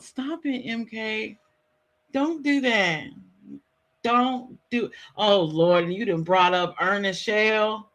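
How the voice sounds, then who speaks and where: A woman's voice: fairly high pitch, expressive, slow, a bit bright, poor audio. A woman hosting a livestream, chatting with viewers and reacting with dramatic, playful commentary. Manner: chatty, dramatic, laughing asides to chat. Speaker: livestream host reacting to a clip. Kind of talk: casual commentary.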